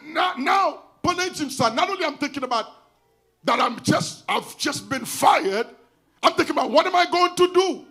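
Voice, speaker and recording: A middle-aged man with a Haitian accent preaching a storytelling sermon. He switches between languages and raises his voice to shout for emphasis. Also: very high-pitched, lively intonation, moderate pace. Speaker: pastor.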